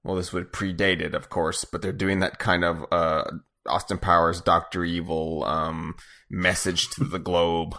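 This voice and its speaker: A man co-hosting a podcast, calmly summing up a film's plot for listeners in a casual chat. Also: deep voice, creaky. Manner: measured, explains the plot for listeners. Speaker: podcast co-host. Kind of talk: casual film review chat.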